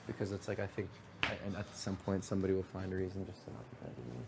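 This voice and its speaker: A man's voice: deep voice, little pitch movement, gravelly, very noisy. A young man chatting casually late at night, rambling with lots of "like" and "you know". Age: young adult. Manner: fast, rambling, heavy on fillers. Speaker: reality show houseguest.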